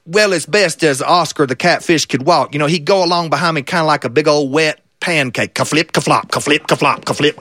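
Brief: man playing a deadpan old country farmer, drawl, bright voice, dry close mic. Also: high voice, dry recording, heavily acted. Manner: folksy, rambling, deadpan tall-tale telling. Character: old rambling country farmer telling a tall tale.

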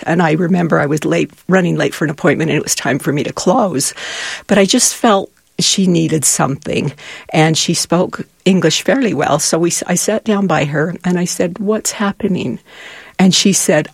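A middle-aged woman speaks earnestly and with feeling about her volunteer work. Her voice is gravelly and a little husky. The sound is dry and close. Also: deep voice, dry recording. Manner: earnest, emotional, faith-filled. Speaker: charity volunteer. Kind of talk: heartfelt interview storytelling.

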